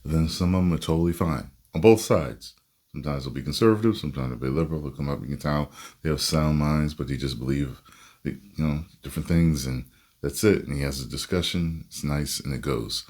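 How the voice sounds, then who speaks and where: Very deep-voiced man reacting casually. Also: a little fast, darkish tone. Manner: laid-back, amused, blunt asides. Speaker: reaction video host.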